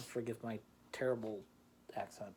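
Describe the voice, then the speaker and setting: A man hosting a loose, chatty show from his home, rambling along and poking fun at himself. He laughs a lot. There is a faint hiss under his voice. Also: medium pitch. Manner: rambling, self-deprecating, laughs often. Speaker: host. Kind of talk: casual beer-tasting chat. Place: home in the Chicagoland area.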